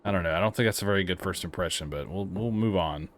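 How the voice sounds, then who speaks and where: A man's voice: sits low, fast talker, a little hiss or hum. A young man giving casual, wry commentary while playing and reviewing a video game. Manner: wry, sarcastic asides. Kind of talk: casual let's-play commentary. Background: faint game music.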